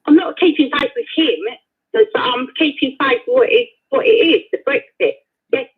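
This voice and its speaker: A woman's voice: sits high, animated, moderate pace. A woman calling a radio phone-in, speaking emphatically and with exclamations. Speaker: caller. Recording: tinny phone line.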